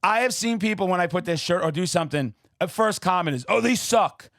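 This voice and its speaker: High-voiced guy ranting loud and sweary, super dry close mic. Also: fast, dry recording. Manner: loud, profane, fired-up ranting with shouted bursts. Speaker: podcast host. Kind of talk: casual interview chat.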